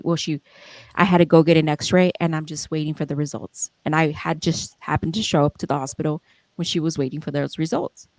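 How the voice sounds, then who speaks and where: A young woman hosts a podcast and looks back on her year in a low, raw voice. She rambles, restarts her sentences and swears freely, and the sound is close and dry. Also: fairly even intonation, fairly quick, darkish tone, dry recording. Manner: emotional, rambling, with frequent restarts and fillers. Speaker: podcast founder and host. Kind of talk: reflective casual talk.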